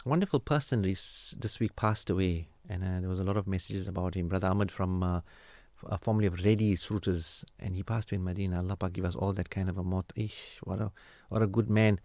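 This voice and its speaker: A man hosting a radio marriage counselling talk, animated and preachy, acting out quoted family dialogue. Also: sits low, a little fast, creaky, dry recording. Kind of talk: casual radio advice talk.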